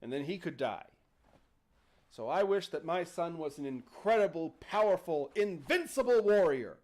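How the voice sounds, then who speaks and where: A male host retells a folk tale to his co-hosts and chat. His storytelling is animated and his pitch is lively, with frequent laughter. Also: normal speed. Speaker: podcast host. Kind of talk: casual storytelling on a livestream.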